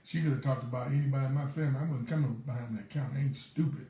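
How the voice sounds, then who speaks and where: Animated storytelling pastor, echoey room. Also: male voice, mid-range voice, racing, highs cut off. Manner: animated storytelling, acting out quotes. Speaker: pastor and show host. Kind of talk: storytelling devotional talk.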